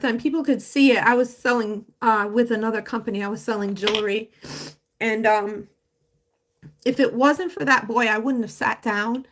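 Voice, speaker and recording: A woman's voice: a little high, steady tone, normal speed, a bit bright. A woman talking casually on a live stream about her home business, rambling and heartfelt with many fillers and restarts, her voice wavering with emotion. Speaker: livestreamer promoting a home business.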